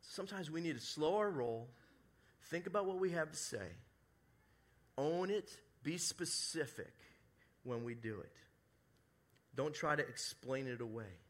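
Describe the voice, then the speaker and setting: A man preaching a sermon as pastor at a church service, acting out sample apologies and moving between loud emphasis and soft, hushed lines. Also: on the high side, lively intonation, a little slow, long pauses. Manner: acts out quoted apologies in his own voice.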